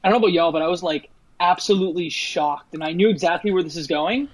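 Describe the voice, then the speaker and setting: A man's voice: fairly high pitch, quick pace, low-quality recording. A man co-hosting a podcast, talking casually and leaning on "like" and "you know.". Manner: chatty, leans on "like" and "you know". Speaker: podcast co-host. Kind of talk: casual chat about a video game.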